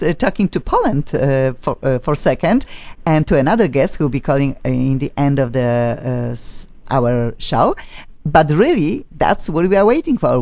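A woman hosting a radio show, chatting effusively and haltingly with many fillers. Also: on the low side, a little mellow, no echo, muffled recording. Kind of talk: casual radio chat.

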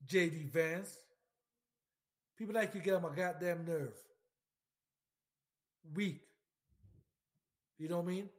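A man's voice: high-pitched, slow, pauses often. A man, a military veteran, ranting in emphatic political commentary, repeating himself, swearing and firing questions straight at the listener. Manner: emphatic, repetitive, profane, lots of direct questions at the listener.

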